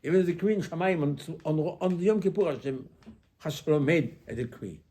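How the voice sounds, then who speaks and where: A male rabbi preaching an animated sermon, firing rhetorical questions and acting out quoted lines. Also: fairly high pitch, normal speed.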